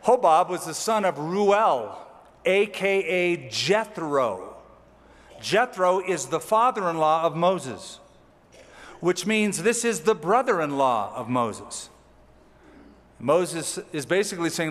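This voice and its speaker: Pausing often, a pastor with a somewhat bright, high-leaning voice and lively intonation preaches at a measured pace. His expository sermon reads scripture aloud verse by verse, then explains it through relaxed, conversational asides. A long hall reverb fills the recording.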